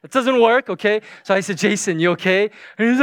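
A male pastor in his thirties preaching a sermon, telling a family story with laughter and swinging from hushed tones to loud bursts. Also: sits high, sing-song, fast talker. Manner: laughs through his anecdotes.

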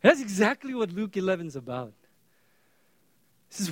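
A male pastor preaching a sermon in a conversational storytelling way, swinging between loud bursts and hushed asides. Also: high voice, sing-song, normal speed, long pauses.

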